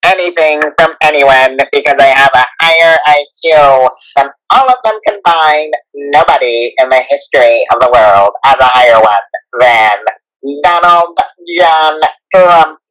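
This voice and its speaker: A man putting on an impression of a boastful male politician, with a nasal, slow, drawn-out bragging delivery. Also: on the high side, a bit bright, rough recording.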